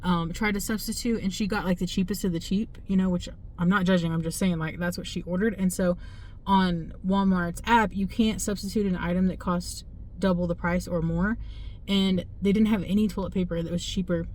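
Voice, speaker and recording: A woman's voice: on the low side, steady tone, fairly quick, a little mellow, low-quality recording. A woman who drives for delivery apps, telling a frustrated, rambling story of her shift to the camera, with many fillers. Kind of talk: casual vlog talk to camera. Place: in a car.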